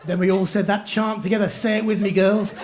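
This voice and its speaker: A man doing stand-up comedy on a club stage, telling stories in an animated way and slipping into voices. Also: high voice, fairly quick, noisy background. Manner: animated storytelling, shifting into acted-out voices. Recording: live comedy club with audience laughter.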